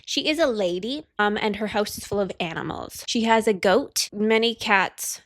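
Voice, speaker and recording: A woman's voice: mid-range voice, dry recording, studio quality. A young woman casually recapping a romance novel, chatty, with joking asides. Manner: chatty, joking asides, plays characters in quick put-on voices. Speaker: book vlogger.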